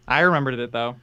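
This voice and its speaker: A man co-hosting a stream with dry, teasing asides. His voice is mid-pitched, and the recording sounds dull and muffled. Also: pushed and bright. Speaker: livestream co-host. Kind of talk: casual chat.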